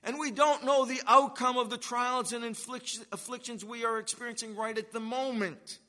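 A man preaching a sermon, earnest and emphatic, slowing down to stress key words. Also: extremely high pitch, fairly even intonation, pushed and bright. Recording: long reverb of a hall.

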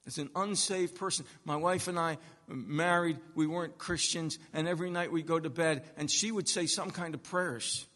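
Bright, slow-preaching man in a reverberant hall. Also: on the high side. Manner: slow, emphatic preaching with long pauses and swells in loudness. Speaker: pastor. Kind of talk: sermon.

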